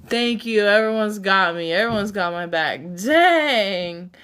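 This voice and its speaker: A woman talking at an unhurried, slow pace as she hosts a casual livestream. She chats directly with her viewers and laughs often between remarks. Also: medium pitch, animated, a bit bright, smooth. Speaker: livestream host.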